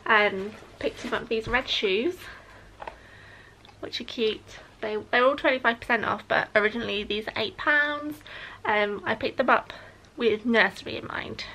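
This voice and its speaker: A woman's voice: on the high side, normal speed, sharp tone. A young woman chatting casually to camera at home, rambling along with plenty of ums. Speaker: mum vlogger. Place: family home, indoors. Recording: dull lo-fi audio with background noise.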